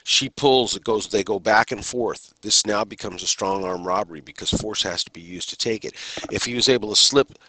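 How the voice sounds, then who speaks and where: A man with a fairly low voice and a sharp, forceful tone delivers a criminal justice lecture. He speaks in a measured, deliberate way and pauses between phrases. The recording is close and dry, with no room sound. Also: no room sound.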